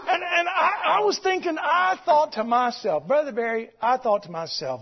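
A man preaching a fiery sermon, shouting with passion and then dropping into casual storytelling. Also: very high-pitched, moderate pace, hardly any pauses, muffled recording. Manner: impassioned, shouting, drops to storytelling.

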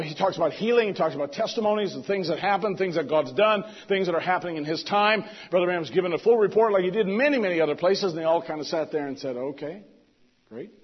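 A male preacher telling a story in a sermon, swinging between loud emphasis and hushed asides. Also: high-pitched, husky, lo-fi sound.

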